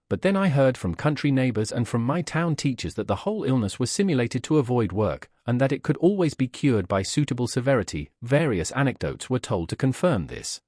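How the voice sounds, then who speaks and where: A man narrating a classic novel as an audiobook in a measured, storytelling manner. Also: mid-range voice, darkish tone, no room sound, clean studio sound.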